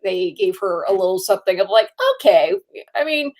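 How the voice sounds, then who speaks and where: A woman co-hosting a casual movie podcast, relaxed and chatty and a little sleepy. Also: medium pitch, fairly quick. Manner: relaxed, chatty, lots of likes and laughter. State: sleepy, yawning. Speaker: podcast co-host.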